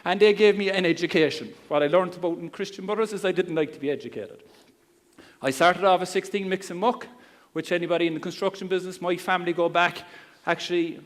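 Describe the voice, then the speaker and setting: A middle-aged man with a Cork Irish accent giving a chatty, joking seminar talk. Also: fairly high pitch. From Ireland. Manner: chatty, joking, blunt slang. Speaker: seminar speaker. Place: seminar hall. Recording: long hall reverb.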